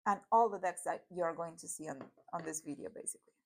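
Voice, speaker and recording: A woman's voice: lowish voice, fast, gravelly. A woman from Argentina with an Argentine Spanish accent, Spanish as her first language, chatting casually through a tarot deck vlog, full of fillers and little apologies. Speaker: tarot YouTuber.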